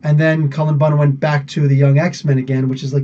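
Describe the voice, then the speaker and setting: A man's voice: a little high, flat delivery, fairly quick, dark tone, recorded from a distance, muffled recording, slight background noise. A man hosting a live podcast, chatting loosely, laughing often and using many fillers. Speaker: podcast host answering live chat. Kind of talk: casual live-stream chat.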